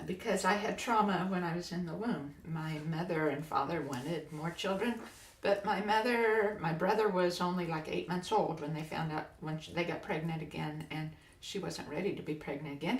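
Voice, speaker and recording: A woman podcast host and biofield tuner telling a personal spiritual story in a soft, earnest way, often halting and restarting. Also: on the low side. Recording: roomy echo, distant from mic.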